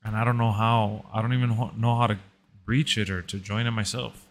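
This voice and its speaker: Relaxed slangy young man, lowish voice. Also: brisk. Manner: relaxed, slangy, says "bro" a lot. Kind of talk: casual chat.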